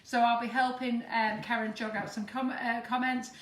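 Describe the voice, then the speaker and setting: A woman's voice: a little high, flat delivery, moderate pace. A woman hosting a live cake-decorating demo, chatty and teasing. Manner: chatty, teasing, laughs often. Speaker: shop host. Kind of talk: live-stream demo chat. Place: shop demo kitchen. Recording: echoey kitchen from far off.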